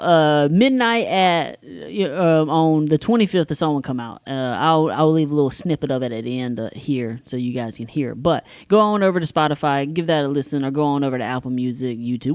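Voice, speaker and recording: A man co-hosting a casual podcast, chatting with a friend and reading song lyrics aloud slowly with fillers. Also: fairly high pitch, clear, resonant tone, no echo, clean studio sound. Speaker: podcast co-host.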